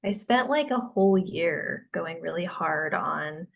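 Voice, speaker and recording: A woman's voice: fairly low pitch, expressive, unhurried, vocal fry. A woman guest in a casual chat who rambles, packing her talk with filler words and restarts.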